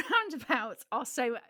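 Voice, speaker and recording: A woman's voice: sits high, sing-song, slow pace, pushed and bright, no echo, studio quality. A woman co-hosting a podcast in casual chat, reflective and hedging with many fillers. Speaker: podcast co-host.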